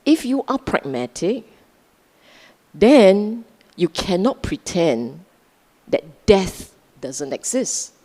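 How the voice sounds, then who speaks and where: A woman with a Singaporean English accent gives a dharma talk at an unhurried pace. Her pitch rises and falls freely as she teases and questions her audience. The long reverb of a large hall trails after each phrase. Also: very animated, dark tone. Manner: conversational, teasing, asks the audience questions. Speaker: Buddhist dharma speaker.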